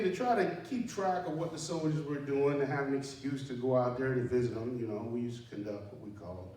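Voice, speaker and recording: A man, a former army sergeant, telling a personal story live in a casual, self-deprecating way. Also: mid-range voice. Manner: conversational, self-deprecating, acts out panicked dialogue with sharp rises. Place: indoor room at a community center. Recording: very echoey room, mic far off, faint noise.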